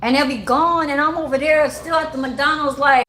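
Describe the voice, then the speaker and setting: A woman in her forties hosting a casual livestream, her voice sitting a little high. She rambles through childhood stories, swearing freely and breaking into laughter, and stops to talk to her chat. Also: steady tone, normal speed, bright, forceful tone, slight background noise, rough recording. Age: 40s. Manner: profane, laughing storyteller who talks to her chat. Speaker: livestream host.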